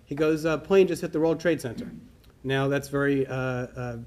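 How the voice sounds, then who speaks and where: A middle-aged man telling a personal story to a conference audience, acting out the dialogue in an animated way. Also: medium pitch, normal speed, a little hiss or hum. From New York. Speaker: conference speaker. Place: conference hall.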